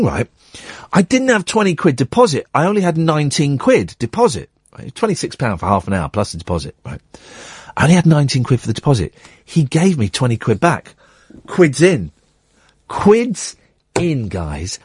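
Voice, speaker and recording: A middle-aged man hosting a radio show, telling an anecdote with lively acted-out quotes. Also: medium pitch, brisk, slightly rough, dry recording, clean studio sound. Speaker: radio host.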